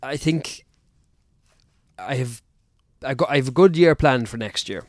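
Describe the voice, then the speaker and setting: A man's voice: medium pitch, lively intonation, a little slow, no room sound, studio quality. A man, a guest on a casual podcast, talking in a hesitant, self-deprecating way and often repeating himself. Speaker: podcast guest, endurance athlete.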